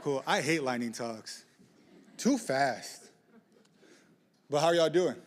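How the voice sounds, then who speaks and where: A young man giving a lively lightning talk, joking with the audience and pushing them into call-and-response. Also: mid-range voice, slow. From southeast side of Chicago. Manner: playful, rallying crowd call-and-response. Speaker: community organizer speaker. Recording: reverberant hall, live talk.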